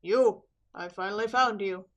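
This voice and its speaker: A woman voicing a cold, menacing male assassin in a game, with a low, threatening delivery. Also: measured pace, soft background music, natural voice. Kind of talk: game dialogue read aloud.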